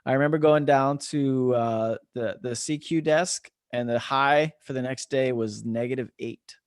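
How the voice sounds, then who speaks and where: A casual American man in his thirties tells army stories with lively energy and plenty of swearing. His voice sits at an ordinary pitch and sounds close and dry, with no room around it. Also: a little slow, no room sound. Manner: swears freely, animated storytelling. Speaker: podcast host; army veteran, former drill sergeant. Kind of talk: casual chat.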